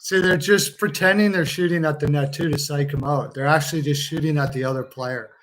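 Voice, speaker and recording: A man's voice: fairly high pitch, fairly even intonation, a little fast, fairly bright tone. A man hosting a casual hockey watch-along stream, joking, laughing often and swearing freely. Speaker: livestream host.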